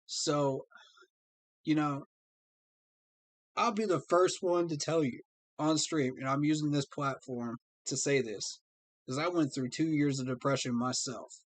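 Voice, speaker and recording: A man's voice: fairly high pitch, a little slow, pauses often, no room sound. A man, hosting a fan livestream and speaking to his viewers in an earnest, heartfelt way. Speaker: fan streamer host. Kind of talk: livestream talk to fans.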